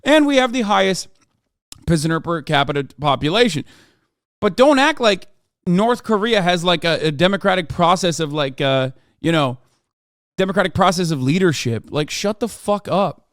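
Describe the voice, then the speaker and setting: A man in his thirties rants at his live chat, cursing freely and breaking into loud yelling. His voice sits high and comes through smooth and resonant. It is recorded close and dry. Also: animated, normal speed, dry recording. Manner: profane, ranting at chat, swings to yelling. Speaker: streamer. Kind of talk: live stream reaction and chat rant.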